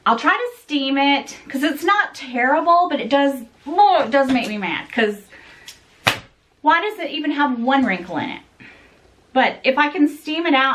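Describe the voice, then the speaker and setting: A middle-aged woman chatting to camera during an unboxing, animated and exasperated, talking straight to her viewers. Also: sits high, slight background noise. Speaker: fashion vlogger. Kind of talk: casual unboxing chat to camera.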